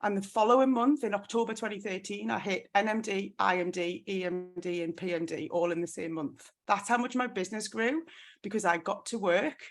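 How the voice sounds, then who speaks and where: A woman's voice: medium pitch, brisk. A woman in her thirties giving a motivational talk on a team call, telling a story with many "like" fillers. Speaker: network marketing team leader.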